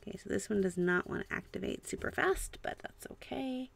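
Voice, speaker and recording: A woman hosting a casual live stream at home, chatting and musing aloud while she paints, with soft trailing asides. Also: medium pitch, brisk, gravelly. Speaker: art channel host.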